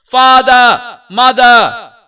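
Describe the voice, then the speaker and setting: A man voicing a small lost boy who is crying and wailing for his parents in a shrill, tearful voice, in a storybook narration. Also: drawn-out words, sharp tone, clear, resonant tone, recorded from a distance, exaggerated voice.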